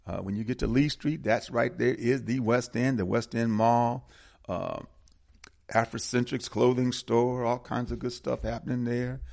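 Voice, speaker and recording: A man's voice: mid-range voice, fairly even intonation, moderate pace, gravelly, darkish tone. A man hosting community announcements, talking casually and repeating the details and phone numbers. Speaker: community radio host. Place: Atlanta area.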